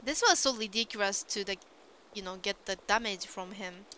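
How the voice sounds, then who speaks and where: A woman with a Japanese accent streams a game, answering her chat in simple non-native English and exclaiming at the action on screen. Her mid-range voice has a sharp tone and a moderate pace, with slight background noise.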